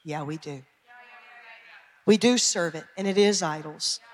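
A woman pastor with an American country accent, preaching a fervent sermon that swings from shouting to quiet asides. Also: lowish voice, a little slow. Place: church sanctuary. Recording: echoey church hall.

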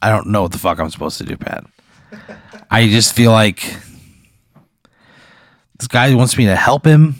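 A man's voice: lowish voice, lively intonation, normal speed, long pauses. A young man reacting with exasperated, incredulous remarks and frequent swearing in casual banter. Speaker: podcast co-host, listener of the hypothetical.

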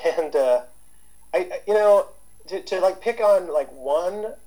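A man's voice: sits high, expressive, slow, mellow, low-quality recording. A man in his fifties, a therapist being interviewed, talking casually with lots of fillers and restarts. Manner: rambling, with many fillers and restarts. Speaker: guest therapist.

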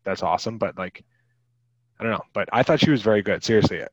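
A man's voice: fairly low pitch, quick pace, no echo. A man in his thirties co-hosting a casual movie podcast, rambling with lots of fillers and restarts. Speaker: podcast co-host. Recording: dull lo-fi podcast mic.

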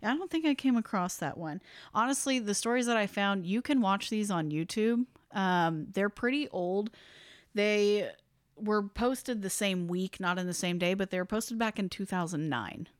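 A woman's voice: medium pitch, normal speed, dry recording, studio quality. A woman hosting a podcast, chatting casually as she retells a ghost story, often laughing. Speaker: podcast host.

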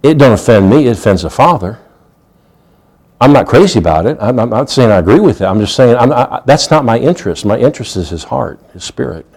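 A male pastor delivers a sermon in a folksy, storytelling way. His voice sits in an ordinary middle pitch, rising to loud emphatic points and then dropping to near-hushed asides. He often stumbles and restarts a sentence as he goes. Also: animated, brisk, vocal fry.

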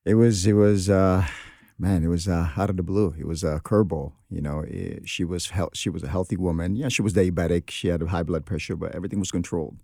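A man's voice: sits low, fairly even intonation, fairly quick, gravelly, mellow, no room sound, clean studio sound. A man in an earnest, heartfelt podcast conversation, telling a personal story with many restarts. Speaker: guest sharing a personal story.

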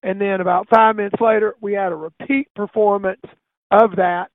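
A high-pitched man hosting a casual talk show spins an animated hunting story. His voice comes through a tinny phone line, with no room echo at all. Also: normal speed. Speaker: radio show host.

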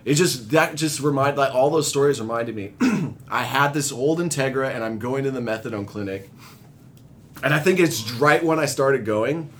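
A young man telling rambling, profane stories in casual chat, laughing often and growing animated as he retells them. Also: normal speed. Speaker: guest telling recovery stories. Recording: faint low rumble.

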